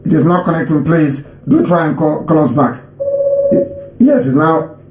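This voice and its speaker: Man, radio host, from Nigeria, emphatic, repeats himself, high pitch, roomy echo. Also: lively intonation, normal speed, background noise. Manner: emphatic, repeats phrases for stress. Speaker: radio host taking calls. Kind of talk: live radio broadcast address.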